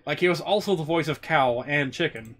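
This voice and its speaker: A man streaming a video game, chatting in an excitable, rambling way with lots of asides. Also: fairly high pitch, brisk. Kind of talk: casual gaming commentary.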